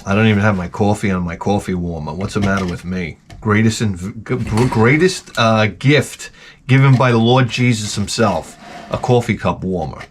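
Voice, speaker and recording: A man's voice: lowish voice, moderate pace, a little hiss or hum. Profane middle-aged man ranting. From Long Island, New York. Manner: profane, animated storytelling with many restarts. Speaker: host. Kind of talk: rambling comic monologue.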